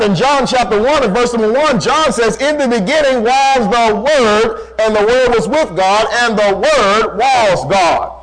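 A male preacher with a strikingly high-pitched voice delivers a sermon. He hammers home key phrases through repetition and slows down, dropping lower, when he quotes scripture. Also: rough recording. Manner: emphatic, repeating key phrases.

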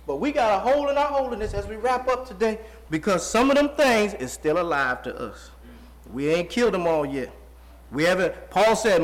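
A pastor in his forties preaches in a folksy, conversational style, posing rhetorical call-and-response questions to the congregation. His voice is high and sing-song, at a moderate pace.

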